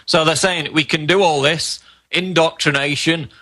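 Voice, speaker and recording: Male reporter on talk radio, fairly high, bright voice, indignant. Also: steady tone, moderate pace. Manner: indignant, reading quotes from a document. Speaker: show reporter.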